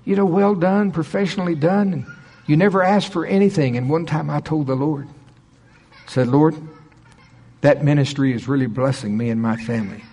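A middle-aged man preaching, telling a story in an animated way and acting out quoted people with a raised voice. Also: on the high side, normal speed. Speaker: pastor. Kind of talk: sermon storytelling.

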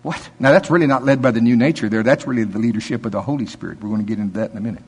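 Folksy preacher man with a husky voice. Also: medium pitch, very fast, in a large hall. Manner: folksy storytelling with laughter and quoted voices. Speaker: pastor. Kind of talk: sermon.

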